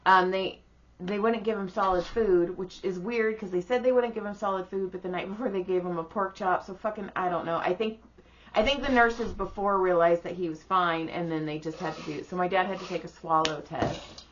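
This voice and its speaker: A woman's voice: on the low side, steady tone, fairly quick. A woman in her thirties, co-hosting a casual podcast, joking bluntly and swearing freely. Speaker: podcast co-host. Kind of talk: casual chat. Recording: dull lo-fi podcast audio.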